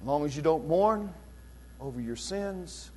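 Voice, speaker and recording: A man preaching a sermon as pastor, dropping to low, slow lines and then surging into loud, quick bursts with drawn-out emphasis. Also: lively intonation.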